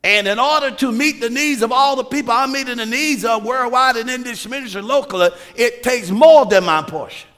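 A pastor preaching a sermon with emphatic rhetorical questions. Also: male voice, very high voice, brisk, hardly any pauses, sharp tone. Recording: reverberant hall.

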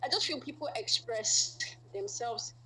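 A woman in a casual chat, explaining her view earnestly with quick asides. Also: fairly high pitch, lively intonation, crowd noise, poor audio. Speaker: guest.

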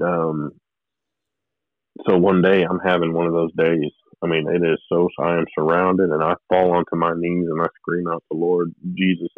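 A man's voice: deep voice, no room sound, narrow, tinny audio. A man telling a personal spiritual story in a rambling way, with restarts and short laughs. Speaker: guest telling his testimony.

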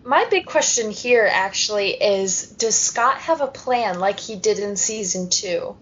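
A woman podcast co-host in casual chat, reasoning through her points in a measured way. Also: mid-range voice, lively intonation, a bit bright, a little hiss or hum. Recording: muffled lo-fi audio.

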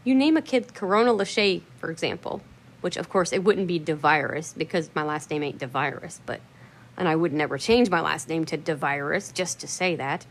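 A woman's voice: deep voice, a little fast, slight background noise. Blunt, foul-mouthed woman ranting casually. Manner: blunt, swears freely, laughs hard. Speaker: vlogger. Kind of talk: casual rambling chat.

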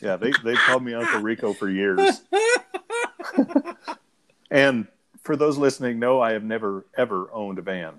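A man's voice: on the low side, moderate pace, long pauses. Middle-aged guy on a podcast, laid back, talking movies, tosses in quotes. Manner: relaxed storyteller, quotes film lines. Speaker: podcast co-host. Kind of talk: casual movie chat.

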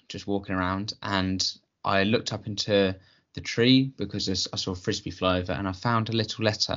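Deep guy, hesitant, bit lo-fi. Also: a bit bright. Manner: hesitant, sheepish. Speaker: podcast co-host. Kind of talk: comic podcast banter. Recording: slightly dull lo-fi.

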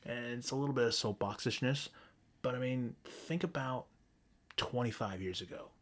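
A man delivering a blunt, foul-mouthed solo rant. He stumbles and restarts his sentences as he goes. His pitch sits in the middle range for a man. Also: moderate pace. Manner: profane, blunt, ranting.

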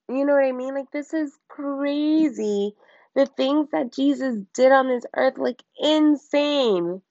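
Female podcast host, slow and gravelly, excitable and rambling in casual Bible talk, dry close sound. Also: sits high, no echo. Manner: excitable and rambling, with many exclamations. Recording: slightly muffled lo-fi recording.

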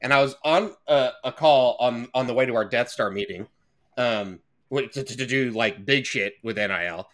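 A man's voice: mid-range voice, moderate pace. A man on a podcast telling a story in a heated, profane, casual way. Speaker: podcast co-host.

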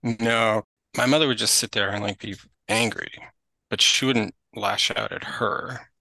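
Speaking at a measured pace with a fairly low, gravelly pitch, a young man of Greek heritage talks as a podcast guest about being his mother's caregiver. The audio is poor and dry, and his storytelling is chatty and animated, full of "like."

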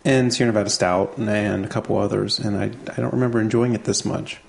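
A man's voice: fairly low pitch, fairly even intonation, quick pace, gravelly. A man co-hosting a casual beer tasting show, chatting easily and thinking aloud with small restarts. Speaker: co-host.

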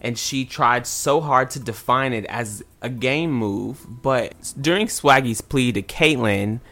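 A man in a relaxed podcast chat, speaking at an ordinary middle pitch. He sounds earnest and personal, laying out his views at length. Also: takes it slowly, faint music behind. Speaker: podcast host. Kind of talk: casual chat.

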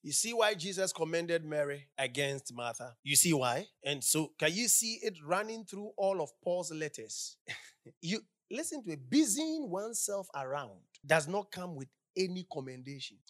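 A woman preaching a sermon in a church into a handheld microphone, shouting some lines and dropping to hushed asides, firing repeated questions at the congregation. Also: on the low side, animated, normal speed. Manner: emphatic, swings from loud shouts to hushed asides. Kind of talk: sermon with congregation call-and-response. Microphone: handheld microphone held at the lips.

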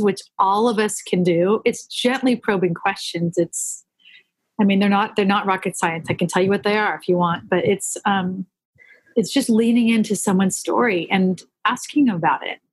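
A woman guest telling earnest faith stories in a podcast conversation, animated and full of restarts. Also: medium pitch, breathy edge, no echo. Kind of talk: faith-based conversational storytelling.

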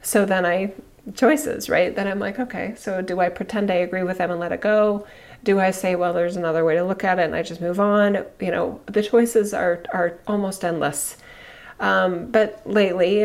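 A woman's voice: fairly low pitch, creaky. Candid, chatty woman host. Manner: candid, chatty, laughs often, acts out quotes. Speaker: video host. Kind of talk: reflective monologue to viewers.

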